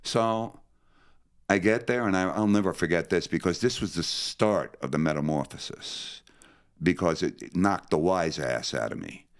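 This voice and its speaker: A man's voice: deep voice, moderate pace. An older man from New Jersey telling his story as an interview guest, acting out the voices of the people in it. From New Jersey, USA. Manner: animated, acts out other people's voices. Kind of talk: storytelling in conversation.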